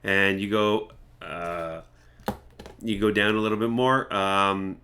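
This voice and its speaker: Brief: male game master, slow, halting, bright tone. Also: lowish voice, fairly even intonation. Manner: hesitant, many fillers, laughs often. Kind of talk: narrating a tabletop game.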